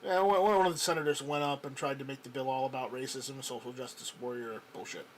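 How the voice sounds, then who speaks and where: A man's voice: mid-range voice, steady tone, fast talker, a little hiss or hum. A man hosting a casual livestream, chatting with a co-host and reading viewer comments aloud, often repeating words as he restarts. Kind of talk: casual live-stream chat.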